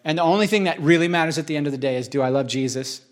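Casting note: a man as a preacher with a slightly raised pitch, unhurried scripture reading, candid chatty asides to a small gathering. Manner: reads scripture slowly and emphatically, then chats in earnest asides. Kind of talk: informal Bible teaching.

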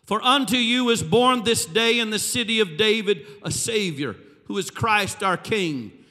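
A man voicing an archangel, proclaiming slowly and loudly in a reverberant hall. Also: expressive, heavily acted. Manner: booming, slow and proclaiming. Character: majestic male archangel making a proclamation.

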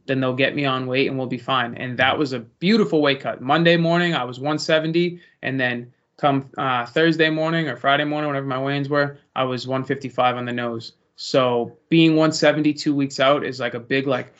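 A man's voice: mid-range voice, fairly even intonation, fairly quick, hardly any pauses, a bit bright. A young man, a pro fighter, casually answering interview questions in a rambling, easygoing way. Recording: lo-fi muffled audio.

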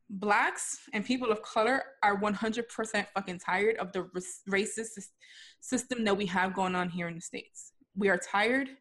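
A woman's voice: medium pitch, a bit bright. Frank, emphatic young woman podcaster. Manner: frank, emphatic, swears freely. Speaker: podcast co-host. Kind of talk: casual podcast chat.

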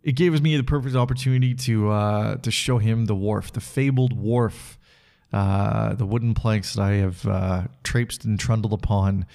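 Low-voiced rambling man. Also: steady tone, moderate pace, vocal fry, a little mellow. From Canada. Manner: rambling, heavy with filler words, laughs while telling stories. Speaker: podcast host. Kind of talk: reflective solo podcast monologue.

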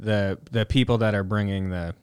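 A man's voice: lowish voice, steady tone, normal speed, clear, resonant tone, no echo. A man co-hosting a casual chat, analysing a film thoughtfully with many fillers. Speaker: podcast co-host.

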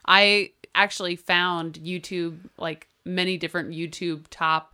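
A podcast co-host chatting casually, tossing in dry jokes and quick asides. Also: mid-range voice, fairly even intonation, a crowd in the background. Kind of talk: casual chat.

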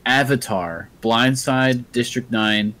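A man's voice: medium pitch, slow, poor audio. A young man co-hosting a casual movie podcast, thinking aloud as he looks things up. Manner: lively, thinks aloud while browsing. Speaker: podcast co-host.

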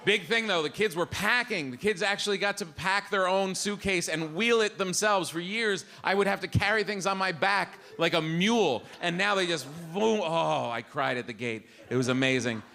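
A middle-aged man performing a live stand-up routine, animated, acting out the voices of his family. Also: sits high, moderate pace, creaky, few pauses. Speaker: stand-up comedian. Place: comedy club stage. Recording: live club with audible room noise.

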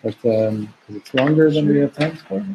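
A man's voice: on the high side, muffled recording, background noise. Man teaching a text study class. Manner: translates Hebrew and Aramaic phrases line by line; slows down to quote verses.

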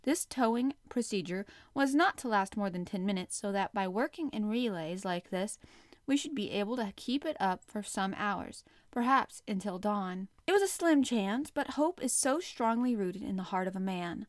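A woman narrating a classic adventure novel aloud in the first person, with expressive, dramatic storytelling. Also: medium pitch, moderate pace, no echo, clean studio sound. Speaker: audiobook narrator.

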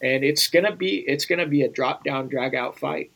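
A man's voice: a little high, moderate pace, vocal fry, a bit bright, low-quality recording. Emphatic man urging viewers on. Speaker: guest, former Navy SEAL. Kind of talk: conversational interview.

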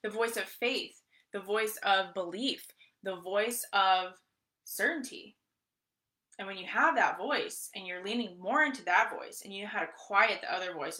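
A woman's voice: mid-range voice, moderate pace. A woman giving a live motivational training talk as a mindset coach. She talks with energy, repeats herself, and keeps checking in with her listeners. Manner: energetic, repetitive, often asks "right?" and says "guys".

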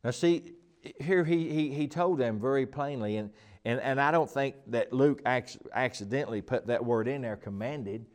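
A man's voice: medium pitch, normal speed, a little mellow. Rambling, emphatic man teaching the Bible. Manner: rambling, emphatic, many restarts and fillers. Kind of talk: informal Bible teaching chat.

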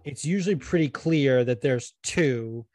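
A man's voice: medium pitch, measured pace, a little mellow, no echo, clean studio sound. A man co-hosting a podcast, joking and swearing in casual chat. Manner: joking, swearing, mock-boastful voices in quotes. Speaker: podcast co-host.

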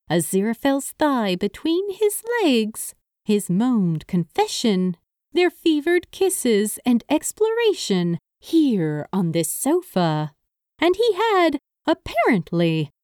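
A woman reading a story aloud at an unhurried pace, her pitch rising and falling freely. The sound is dry and close, with no room around it. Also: a little mellow, no room sound. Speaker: narrator. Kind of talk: audiobook narration of fan fiction.

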